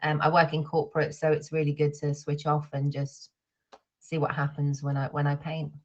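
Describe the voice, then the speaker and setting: A woman with a Southern English accent, a guest on a live stream, talking slowly and modestly with pauses and little laughs. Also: deep voice, completely flat delivery, a little mellow, dull audio. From Southern England.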